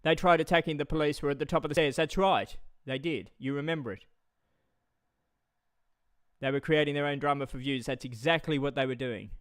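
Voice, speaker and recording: A man's voice: fairly high pitch, steady tone, a little fast, fairly bright tone, clean tone, no room sound, studio quality. A man ranting heatedly on a livestream, swearing and stammering through repetitions. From Australia. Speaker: live streamer. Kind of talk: angry livestream rant.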